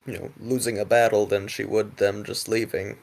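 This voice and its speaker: A man playing a tabletop game, talking in character in a calm, measured way. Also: lowish voice, vocal fry. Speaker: player. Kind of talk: tabletop role-play in character.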